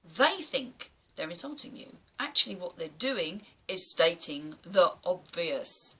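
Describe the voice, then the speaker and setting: A woman speaks straight into a camera mic, blunt and emphatic, with a casual swear here and there. Her voice is bright and a little husky, and her pitch rises and falls a lot. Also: sing-song, unhurried. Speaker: vlogger. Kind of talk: casual opinion vlog to camera.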